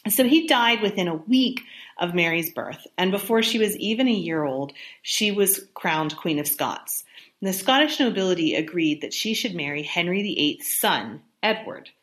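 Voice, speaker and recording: A woman's voice: fairly low pitch, lively intonation, moderate pace, a bit bright. A woman explaining history in a casual, conversational way, with fillers and self-corrections. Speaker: history presenter.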